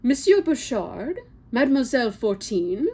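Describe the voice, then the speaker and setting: A woman playing a sharp, strict middle-aged teacher. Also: fairly high pitch, sing-song, unhurried, husky, voice pushed up, exaggerated voice. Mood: stern. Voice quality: sharp, commanding.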